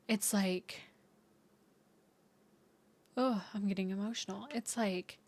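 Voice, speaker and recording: A woman's voice: medium pitch, fairly even intonation, slow pace, long pauses. A woman giving an intuitive tarot reading to her viewers, talking in a dreamy, searching way with many fillers and restarts. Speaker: tarot reader.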